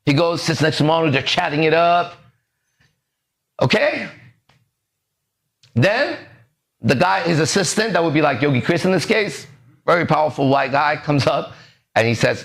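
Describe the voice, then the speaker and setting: Animated profane man telling a story. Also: fairly high pitch, moderate pace, creaky, pauses often. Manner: animated, profane, acts out others' voices. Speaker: podcast host. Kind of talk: casual storytelling.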